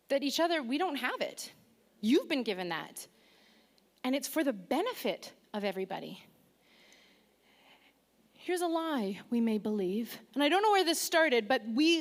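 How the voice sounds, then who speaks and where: Woman preacher with a bright, high voice and a lively delivery, warm self-deprecating humor, recorded in a church with a long reverb tail. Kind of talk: sermon. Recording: long reverb of a large hall.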